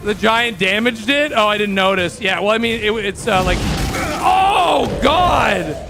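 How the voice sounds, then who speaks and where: High, gravelly-voiced man yelling at a game. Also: unhurried, soft background music. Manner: excitable, yelps and shouts in panic. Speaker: streamer playing a game. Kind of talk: live gameplay commentary.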